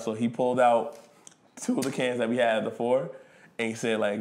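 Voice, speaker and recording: A man's voice: medium pitch, fast. A man being interviewed, telling a backstage story in slangy casual speech, swearing freely and acting out what others said. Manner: animated storyteller who acts out quotes loudly. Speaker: wrestler and guest.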